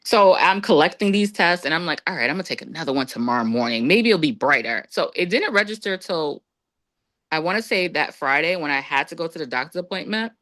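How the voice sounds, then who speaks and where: A woman guest on a podcast, telling a personal story in a casual, lively way and acting out what others said. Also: a little fast, dry recording. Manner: lively, acts out quoted voices with big pitch jumps.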